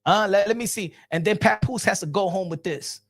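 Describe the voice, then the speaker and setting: A man hosting casual boxing reaction commentary, animated and repetitive, slangy, often laughing and calling his viewers folks. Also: sits high, brisk.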